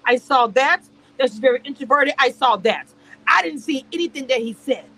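A woman's voice: high-pitched, expressive, moderate pace, sharp tone, rough recording. A woman reviewing a reality show on a live stream, speaking in a heated, emphatic way and repeating herself. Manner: emphatic and repetitive, heated and exasperated. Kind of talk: casual live-stream commentary rant.

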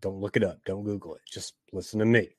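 A low-voiced man with a Southern US accent talks through a movie review in a loose, joking way, stretching certain words for effect. The sound is close and dry, with no room around it. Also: steady tone, darkish tone, no room sound. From Tennessee. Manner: wisecracking, joking asides, drawn-out emphasis. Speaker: film reviewer. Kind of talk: casual movie review commentary.

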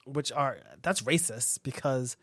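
A man's voice: mid-range voice, unhurried, slightly rough, dry recording, studio quality. A man hosting a casual chat who rambles, swears a lot and laughs easily.

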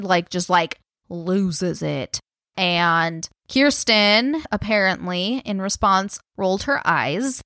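A woman's voice: medium pitch, slow, bright, forceful tone, no echo, studio quality. A woman co-hosting a podcast, casually retelling a true-crime case in a chatty, filler-heavy way and swearing freely. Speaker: podcast co-host.

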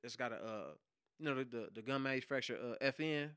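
Animated man telling a wild story. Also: mid-range voice, quick pace, clean tone, dry recording, studio quality. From Detroit. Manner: animated, slangy, profane, acts out shouted quotes. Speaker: podcast guest, hip hop producer. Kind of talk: casual storytelling.

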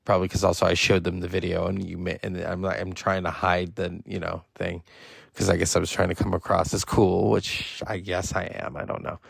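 Low-ish gravelly guy doing a film podcast, rambly and sweary, bit husky. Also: a little fast, dry recording, clean studio sound. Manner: rambling, profane and excitable. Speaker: schoolteacher. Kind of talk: casual solo podcast monologue.

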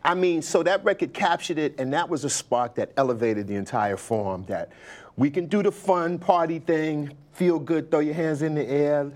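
An older man from New York, a guest telling stories in a relaxed conversation, animated and quoting others with lively bursts. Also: fairly high pitch, normal speed. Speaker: interview guest, hip hop pioneer. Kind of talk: conversational storytelling.

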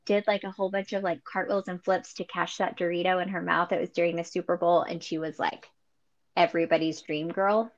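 A woman co-hosting a podcast in casual chat, relaxed and agreeable. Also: lowish voice, a little fast, dull audio. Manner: relaxed, agreeable, rule-following. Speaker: podcast co-host.

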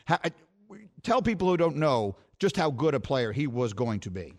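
A man's voice: mid-range voice, big pitch swings, normal speed, a little mellow. A man hosting a sports radio interview, asking his guest questions in a conversational way. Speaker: radio host.

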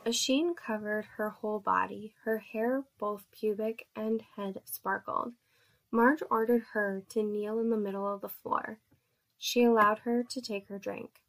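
A woman narrating an erotic story in a steady, measured reading voice. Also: mid-range voice, gravelly.

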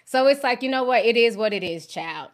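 A woman whose first language is Yoruba, hosting a livestream podcast in casual chat and reading viewer messages, talking in a chatty, animated way with frequent laughs. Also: a little high, fairly quick. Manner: chatty and animated, laughs often, slangy asides.

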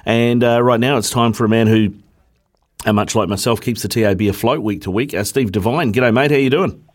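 A man's voice: mid-range voice, fairly quick. A man with a New Zealand accent filling in as host on a sports radio show, chatting casually and reading out listener texts.

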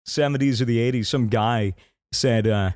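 A man's voice: medium pitch, normal speed, a little mellow, dry recording, studio quality. A man in his twenties, co-hosting a podcast, telling a story in casual chat, swearing freely and acting out his own lines. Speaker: podcast co-host.

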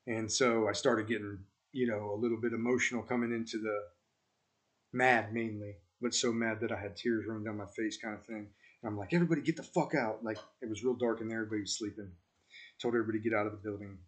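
Low-voiced guy in his 30s hosting, slow and reflective, lots of "you know". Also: flat delivery. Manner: reflective, halting, with many fillers. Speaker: podcast host, former Marine squad leader. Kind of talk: conversational interview.

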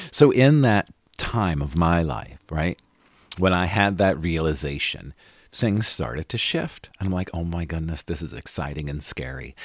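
Low-voiced middle-aged motivational podcast host. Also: male voice, darkish tone, no room sound, clean studio sound. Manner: earnest, conversational, occasional swearing; emphatic repetition. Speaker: podcast host and life coach. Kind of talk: casual motivational monologue.

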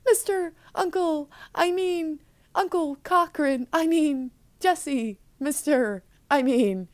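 A woman's voice: high-pitched, slow, no echo, voice pushed up. A woman voicing a little girl who puts on an overdone fake voice. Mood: flustered.

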